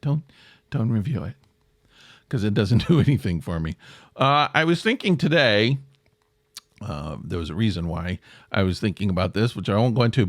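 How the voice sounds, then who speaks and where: A middle-aged man hosting a casual solo podcast, rambling and self-deprecating, jumping up in pitch for emphasis. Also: no echo, studio quality. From American South. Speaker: podcast host.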